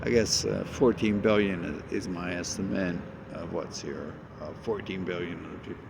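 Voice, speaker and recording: A man's voice: low-pitched, steady tone, normal speed, creaky, noisy background. A man in a rambling, agitated monologue, cursing often and jumping between ideas.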